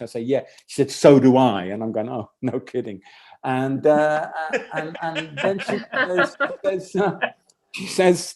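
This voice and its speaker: A man doing a rambling stand-up set, telling a long story in a halting, deadpan way full of restarts. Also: medium pitch. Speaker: stand-up comedian.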